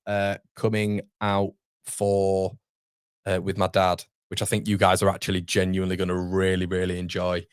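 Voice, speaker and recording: A man's voice: low voice, no echo, clean studio sound. A man in his thirties with a Yorkshire accent, hosting a casual live football watchalong, chatty and calling everyone mate. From England. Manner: chatty, reads out chat messages, calls everyone mate. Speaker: fan channel host.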